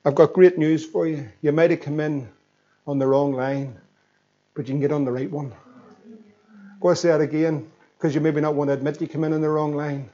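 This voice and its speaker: A man's voice: a little high, steady tone, fairly quick, pauses often, dark tone, dull audio. A man in his thirties with a Northern Irish accent, preaching a sermon with fervent, emphatic questions. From Northern Ireland. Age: 30s. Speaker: pastor.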